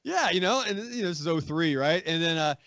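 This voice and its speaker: Man, forties, higher pitch, profane, animated storyteller, podcast guest, dead-dry muffled sound. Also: fast talker, dry recording. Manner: profane, animated, acts out quoted voices. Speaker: guest, magazine editor. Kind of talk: casual storytelling, war anecdote.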